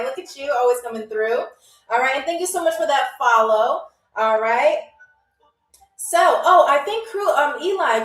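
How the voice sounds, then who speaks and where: A woman hosting a livestreamed trivia game show, chatty and upbeat, reading out viewers' comments and answers. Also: on the high side. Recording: roomy echo, heard from a distance.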